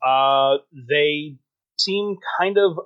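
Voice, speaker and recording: A man's voice: a little high, extremely slow, clear, resonant tone, highs cut off. A man narrating a tabletop game as game master, describing scenes with many fillers.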